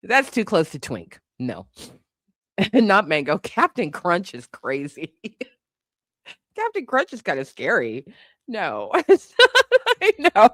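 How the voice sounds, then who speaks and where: A young woman chatting on a livestream, reacting to her viewers with frequent laughter and playful swearing. Her pitch swings widely while her delivery stays slow and loose. The sound is close and dry. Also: wildly swooping pitch, fairly bright tone, no echo. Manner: laughs often, reacts playfully to chat guesses; swears casually, teasing. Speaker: livestream host reading chat. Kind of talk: casual livestream chat.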